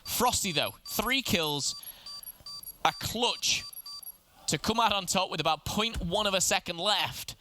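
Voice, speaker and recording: A man commentating a competitive video game match, excitable and analytical, often restarting his sentences, with game noise behind him. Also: high-pitched, normal speed, hardly any pauses, faint music behind. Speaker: esports caster. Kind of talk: play-by-play commentary.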